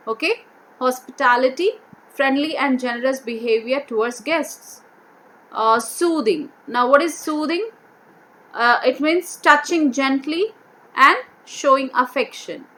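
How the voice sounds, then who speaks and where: A woman teacher going through a vocabulary worksheet, repeating each word and slowly sounding out its syllables. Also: high-pitched, sharp tone, slight background noise. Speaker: English teacher.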